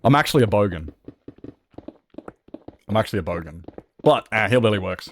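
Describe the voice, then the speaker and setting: A man with an Australian accent streaming a game, chatting with his audience in a vulgar, jokey way that is rough around the edges. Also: on the low side, a little fast, slight background noise. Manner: animated, jokey, laughs often. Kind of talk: live game-stream chat.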